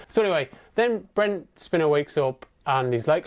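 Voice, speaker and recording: Male vlogger, casual sweary film rant, sarcastic, slightly high voice. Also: lively intonation, normal speed, clear, resonant tone. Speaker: movie reviewer. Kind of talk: casual ranting film review.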